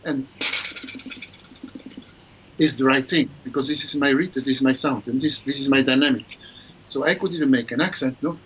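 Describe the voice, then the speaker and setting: A man's voice: mid-range voice, moderate pace, long pauses, fairly bright tone, a little hiss or hum. A man, a guest oboist, explaining his practice technique in an online interview and singing syllables to demonstrate. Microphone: video call. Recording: muffled lo-fi online call with faint ambience.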